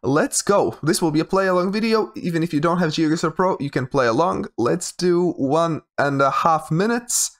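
A man's voice: fairly high pitch, normal speed, hardly any pauses. A young man giving casual commentary while he plays a geography guessing game, thinking aloud with hesitant, repeated words. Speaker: game streamer.

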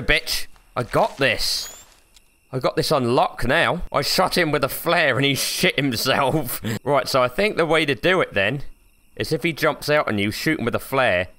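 A young man commentating a horror game, swearing freely, joking, and yelping when startled. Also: medium pitch. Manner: swearing, excitable, jokey, yelps when startled. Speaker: gaming YouTuber.

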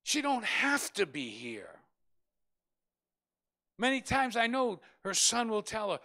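Fervent gravelly man preaching. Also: high voice, wildly swooping pitch, slow, long pauses, pushed and bright. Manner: fervent, emphatic, repeats for stress. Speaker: pastor. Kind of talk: preaching a Bible study.

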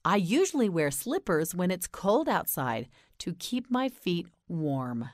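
An American woman teaching English pronunciation in a slow, scripted lesson, patiently repeating each word and encouraging the learner. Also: fairly low pitch, big pitch swings, no echo, clean studio sound.

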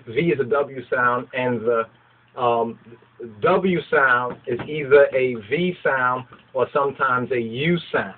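Lecturing man, tinny phone-like sound. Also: medium pitch. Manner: repetitive, asks "you understand?" and "right?" often. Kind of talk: informal lecture.

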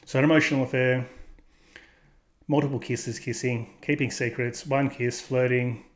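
A man's voice: mid-range voice, fairly even intonation, normal speed. A man hosting casual commentary, talking in a blunt, crude way and laughing at his own jokes. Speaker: host. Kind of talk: casual commentary reacting to posts.

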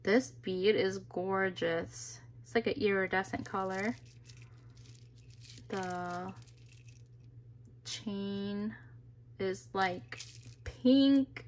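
A young adult woman unboxing craft mail in a vlog, gushing and exclaiming with excitement over each piece. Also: mid-range voice, very slow, long pauses, a little hiss or hum. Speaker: crafting vlogger.

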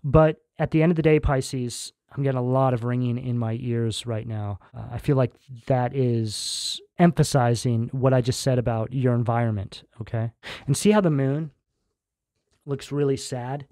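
A man doing a tarot reading in a loose, conversational way, often checking in with "right?" and filling pauses with "um". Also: medium pitch, steady tone, dark tone, dry recording, studio quality. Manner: conversational, keeps asking "right?", fillers. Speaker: tarot reader. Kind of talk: casual tarot reading monologue.

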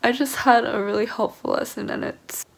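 Creaky-voiced young woman, emotional vlog talk. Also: on the high side, fairly even intonation, normal speed. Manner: rambling, emotional, candid, with nervous laughs. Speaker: violin student vlogger. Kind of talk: casual vlog talk to camera.

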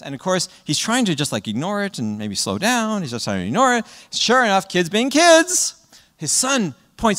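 A man giving a public talk to parents, an animated storyteller who often checks in with "right?" and acts out what children say. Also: sits high, brisk, long reverb tail. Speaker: guest speaker. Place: presentation hall.

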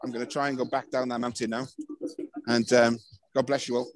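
A man speaks softly and gratefully into his phone while standing outdoors on a hill at night. His voice sits at a middling pitch, and he rambles along with plenty of fillers. He sounds like a relaxed host chatting with his online circle. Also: brisk, poor audio. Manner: gentle, thankful, rambling with fillers. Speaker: spiritual circle leader hosting a live stream. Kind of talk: casual live-stream chat.

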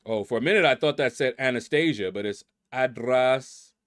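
A man's voice: medium pitch, a little fast, a bit bright. A middle-aged man hosting a gaming channel, casually reading out leaderboard names and musing aloud as he stumbles over them.

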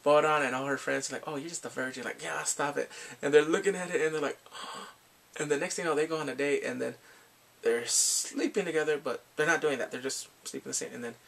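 An excitable man chats through a drama recap in a casual, rambling way. His voice sits a bit high and has a gravelly edge. He laughs and sighs often and slips into the characters' lines as he tells the story. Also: a little fast. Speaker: drama reviewer.

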